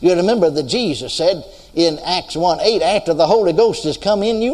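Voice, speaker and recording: A man's voice: high-pitched, expressive, normal speed, hardly any pauses, darkish tone. An older man from the United States preaching a sermon, telling a story and asking the congregation if they are listening. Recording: long hall reverb.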